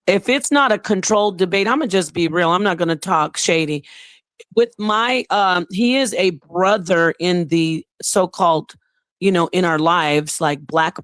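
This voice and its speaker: A woman's voice: on the low side, a bit bright, dry recording. A woman hosting a casual livestream, talking in an emphatic, scolding way. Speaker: livestream host.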